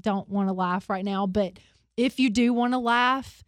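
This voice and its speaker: In a radio studio, a morning show co-host animatedly relates a funny story, laughing often and gushing with excitement. Her medium-pitched voice is unhurried, and the studio-quality sound has no echo.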